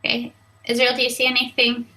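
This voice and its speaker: A woman's voice: a little high, completely flat delivery, fast, bright, forceful tone, poor audio. A tired woman in a casual study group, drafting text aloud and asking the others for input. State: mentally tired. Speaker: study group member writing the summary.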